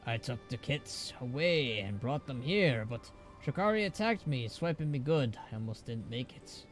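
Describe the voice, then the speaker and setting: A man's voice: mid-range voice, lively intonation, moderate pace, soft background music, close to an everyday voice. A man voicing a male troll animal keeper in a game, speaking in a loose troll dialect. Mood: folksy. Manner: island troll dialect with "be" in place of "is".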